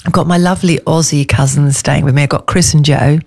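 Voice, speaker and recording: A woman's voice: low voice, steady tone, quick pace, vocal fry, darkish tone. Chatty rambling woman radio host. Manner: chatty, rambling, laughs often. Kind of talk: casual radio chat. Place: radio studio.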